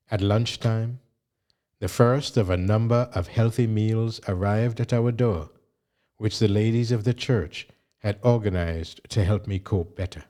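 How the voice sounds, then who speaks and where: A man reading a memoir aloud in a measured, even narration. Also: fairly low pitch. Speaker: audiobook reader.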